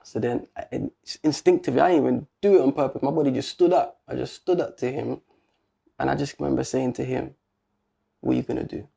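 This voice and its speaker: A man with a British accent tells a personal story in a relaxed interview, his voice gravelly and dark. He talks in casual street slang and acts out the back-and-forth himself. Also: mid-range voice, fast. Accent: British English. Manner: animated, slangy street talk with quoted dialogue. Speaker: guest.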